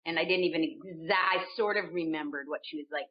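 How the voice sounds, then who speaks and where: Woman, 40s, voice actress guest; low-ish, animated, stumbling restarts; muffled lo-fi audio. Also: fast talker. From United States. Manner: animated, laughing, searching for words with many restarts. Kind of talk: casual interview chat. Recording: dull lo-fi sound.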